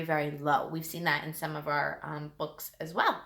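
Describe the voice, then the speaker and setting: A woman teacher giving a lesson to young children, talking in a lively, sing-song way. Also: sits low, moderate pace, gravelly, hardly any pauses, echoey room.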